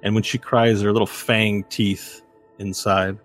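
A man's voice: fairly low pitch, level tone, measured pace, faint music behind. A man running a tabletop game as game master, describing scenes in a meandering way with many fillers.

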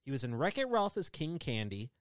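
Excitable male podcast host. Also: mid-range voice, dry recording, clean studio sound. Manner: quick, excitable, laughs often. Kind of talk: casual chat about entertainment news.

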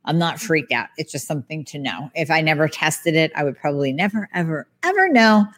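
A woman podcast host, a health practitioner, talking through lab results in a lively, conversational way. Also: deep voice, a little fast. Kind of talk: casual explanatory podcast talk.

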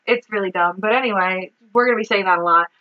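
A woman's voice: mid-range voice, quick pace, lo-fi sound. A woman co-hosting a podcast, recapping a movie in casual chat, exasperated, swearing and laughing as she goes. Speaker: podcast co-host.

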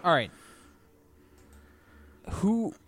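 A man's voice: very slow, fairly bright tone, slight background noise. A man hosting a podcast in casual chat, telling stories and swearing freely. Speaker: podcast host.

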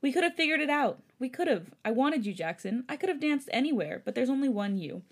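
A woman reading the lines of a hurt, angry young man in a fan story, in a soft, hushed voice. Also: high-pitched, very animated, fast, voice pushed up, exaggerated voice. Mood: pleading.

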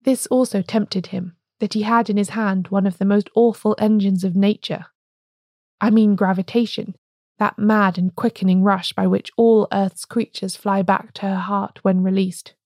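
A woman hosting a podcast, reading a classic detective story aloud in a measured, unhurried storytelling manner. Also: mid-range voice, little pitch movement, a little mellow, dry recording, studio quality. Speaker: podcast host and narrator.

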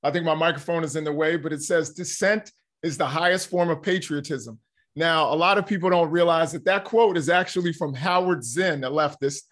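Male co-host, a bit winded, higher-pitched, casual and chatty. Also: brisk, a bit bright. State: a little out of breath. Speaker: talk show co-host. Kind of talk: casual chat and interview questions.

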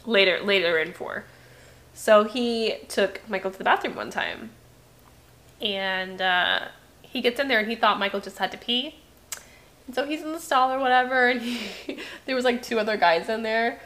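A woman with a bright, fairly high voice co-hosts a laid-back chat podcast. She tells family stories with quick asides and laughs often. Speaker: podcast co-host. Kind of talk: casual chat.

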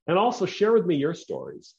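A man's voice: high voice, wildly swooping pitch, a little fast, gravelly, a little mellow, dull audio. A man giving an emphatic, opinionated casual monologue as a podcaster. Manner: emphatic, opinionated, self-assured.

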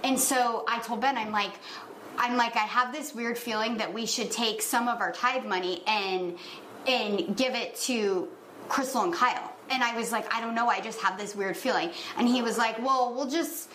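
Halting woman in an echoey room. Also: a little high, a bit bright, a little hiss or hum. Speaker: podcast co-host. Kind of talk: casual storytelling chat.

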